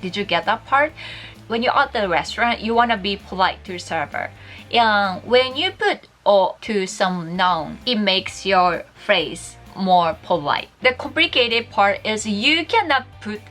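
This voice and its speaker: A woman's voice: medium pitch, expressive, unhurried, fairly bright tone, faint music behind. A woman with a Japanese accent, a native Japanese speaker, teaching a casual video lesson to camera in a bubbly, chatty way, laughing often.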